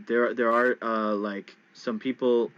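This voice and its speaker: A man teaching an English pronunciation lesson in a loose, casual way, checking in with "okay?" and "right?" and drawing out example words slowly. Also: mid-range voice, little pitch movement, smooth, muffled recording.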